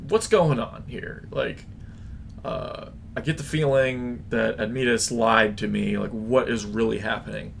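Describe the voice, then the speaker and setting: Easygoing demigod hero, bro-like, gravelly, played by a man. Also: medium pitch, steady tone, unhurried, a little hiss or hum. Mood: suspicious. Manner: casual, bro-like.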